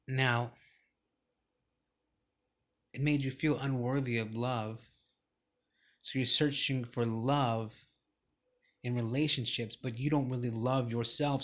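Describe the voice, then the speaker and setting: A man giving a motivational speech in a casual, profane way, building to forceful emphasis. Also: medium pitch. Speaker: motivational speaker.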